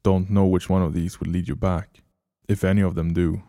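A man voicing a quiet, weary male stranger who speaks in a soft, flat, resigned way. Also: low voice, moderate pace, gravelly, no echo, clean studio sound.

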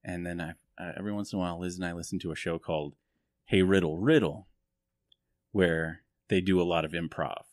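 Deep-voiced joking podcast host man. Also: fairly even intonation, brisk, dry recording, studio quality. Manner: joking, self-mocking, rambling. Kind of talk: casual podcast chat.

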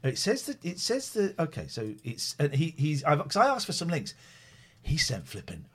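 Playful radio host, lively voice. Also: male voice, on the high side, normal speed, breathy edge. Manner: teasing, playful, stumbling restarts. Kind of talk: casual radio banter. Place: radio studio.

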